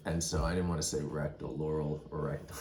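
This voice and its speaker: Casual male hiker storyteller, very deep voice, rambling delivery, echoey room. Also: flat delivery, a little fast, noisy background. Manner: rambling, says "man" and "dude" constantly. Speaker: hiker vlogger.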